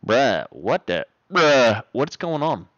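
Animated young man livestreaming. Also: medium pitch, slow pace, soft background music. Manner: animated, swings between loud outbursts and mumbling. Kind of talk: casual live-stream chat. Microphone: streaming microphone. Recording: dry, dull lo-fi sound.

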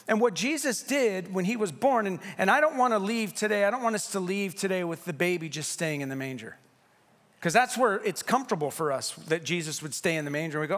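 A middle-aged man, a pastor, preaching a sermon with animated, humorous storytelling in a church. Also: high voice, brisk. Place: church sanctuary. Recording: long hall reverb.

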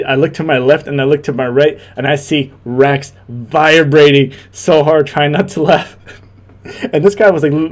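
A young former Marine gives casual reaction commentary in a medium-pitched voice. He laughs a lot and rambles, restarting his sentences many times.

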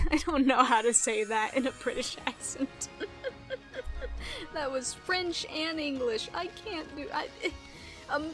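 Playful high-voiced woman gaming host. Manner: playful, giggly and self-mocking. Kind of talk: casual game commentary.

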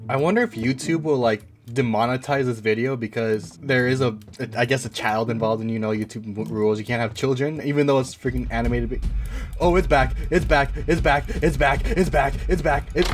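A man's voice: mid-range voice, normal speed. A man commentating a horror game as a gaming YouTuber, reacting jumpily with repeated exclamations. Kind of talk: let's play commentary. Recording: game music playing behind the voice.

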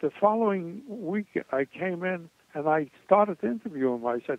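A man's voice: high voice, expressive, moderate pace, hardly any pauses, no echo. Older man telling anecdotes over a tinny line. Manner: rambling anecdotal, many fillers and restarts. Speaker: guest. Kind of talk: interview storytelling. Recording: tinny phone line, dry.

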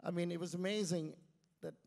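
A middle-aged Irish man from County Clare, a guest telling self-mocking stories in an animated way on a live stage. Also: high-pitched, fairly quick. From Ireland, County Clare. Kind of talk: storytelling interview. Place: live stage before an audience. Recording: long reverb of a live venue.

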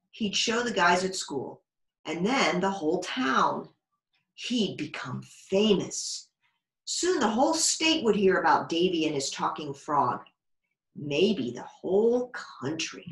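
A woman librarian reading a children's storybook aloud in a slow, expressive way. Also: on the low side. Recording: echoey room.

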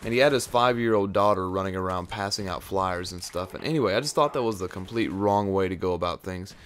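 A man's voice: sits low, fast, a little hiss or hum. A young man chatting casually over gameplay footage into a mic right at his face, rambling off topic with lots of "like" and "uh.". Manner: rambling, filler-heavy, off-topic. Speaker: gaming video creator. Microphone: close mic right at his face.

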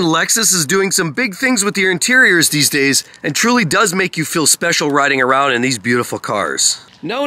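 This car reviewer, a man with a high, pushed, bright voice, walks around parked cars outside, gushing over each and every detail with enthusiasm.

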